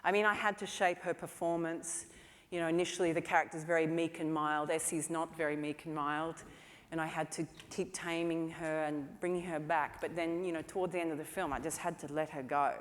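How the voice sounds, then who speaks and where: A woman's voice: low voice, steady tone, a little fast. Chatty woman speaking in a reverberant hall. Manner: chatty storytelling, many "you know" fillers. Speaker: film director giving a talk. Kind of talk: anecdotal conference talk. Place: conference hall stage.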